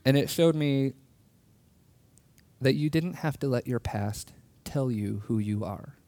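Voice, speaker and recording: A man giving a sermon, telling a personal story in an earnest way with soft laughs, and slowing down to stress key words. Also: medium pitch, dry recording. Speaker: preacher.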